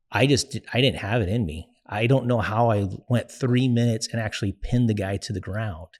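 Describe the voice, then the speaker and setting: Telling a personal story as an interview guest, this young adult man sounds earnest and reflective. His voice is on the low side and a little mellow, and he pauses often and uses fillers.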